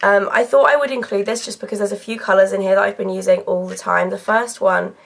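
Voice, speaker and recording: A woman, hoarse from a cold, chatting casually about beauty products. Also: steady tone, fast talker. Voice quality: husky, lowered voice. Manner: chatty, lots of fillers and "kind of". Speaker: beauty vlogger.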